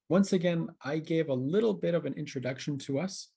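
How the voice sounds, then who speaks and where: A man's voice: a little high, a little fast, vocal fry, dark tone, slightly rough. A man hosting a live webinar, talking straight to the audience in an upbeat way over a video call mic. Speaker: webinar host.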